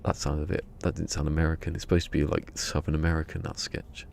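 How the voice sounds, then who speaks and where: A man's voice: rumbling low, flat delivery, fast, vocal fry, a little mellow, slight background noise. A man streaming a video game, rambling and muttering to himself as he plays. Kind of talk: casual live-stream commentary.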